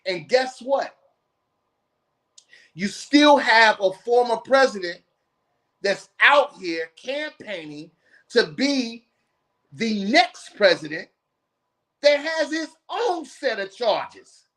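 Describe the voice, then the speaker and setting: A man's voice: extremely high pitch, big pitch swings, slow pace, long pauses, fairly bright tone. A man hosting a live podcast stream, ranting bluntly and profanely in heated commentary. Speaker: podcast host.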